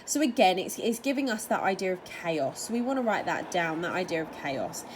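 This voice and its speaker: A woman's voice: fairly low pitch, lively intonation, moderate pace, slight background noise, low-quality recording. A woman teacher explaining a play to her students, hesitant with many fillers, asking rhetorical questions and telling them to take notes. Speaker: English teacher.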